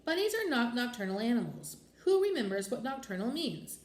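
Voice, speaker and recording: A patient schoolteacher from a storybook, as a woman reads her, who speaks calmly and instructively. Her voice is fairly high and lively, with a roomy echo around it. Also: brisk. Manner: calm, instructive. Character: patient kindly female schoolteacher.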